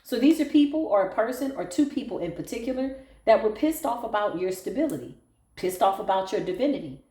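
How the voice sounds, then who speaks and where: Black lady doing a tarot reading, blunt and sassy, mellow darkish voice, roomy echo. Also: on the high side, animated, a little fast. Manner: sassy, blunt, slangy commentary. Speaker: tarot reader. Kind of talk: casual tarot reading monologue.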